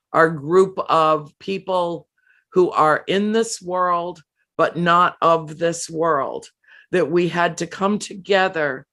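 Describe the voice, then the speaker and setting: A woman guest telling a personal story in an earnest, emotional way, often pausing and restarting her sentences. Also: fairly low pitch, a bit bright. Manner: emotional, halting with frequent restarts and fillers.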